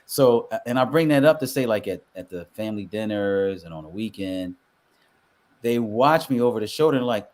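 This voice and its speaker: A man's voice: mid-range voice, brisk. Broker guy chatting easy on a live show, does little voices when he tells a story. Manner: animated storyteller, acts out quotes. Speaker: real estate broker. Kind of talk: casual conversation on a live show.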